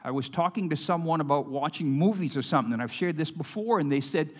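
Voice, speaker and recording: A man preaching a sermon as pastor, emphatic, swinging between loud and hushed delivery. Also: a little high, fast, in a large hall.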